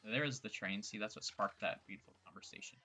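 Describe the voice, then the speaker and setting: A man's voice: lowish voice, quick pace, sharp tone, soft background music. A young man giving loose, joking commentary while playing a game, rambling and poking fun at his own words. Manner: rambling, joking, self-mocking asides. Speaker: gameplay streamer. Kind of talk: casual gameplay commentary.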